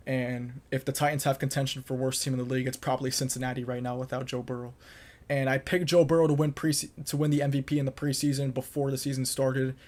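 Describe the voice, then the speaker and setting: A man's voice: mid-range voice, flat delivery, fast, darkish tone. A young man hosting his own podcast, delivering confident football predictions in a solo monologue and repeating points for emphasis. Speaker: podcast host. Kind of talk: solo sports picks monologue.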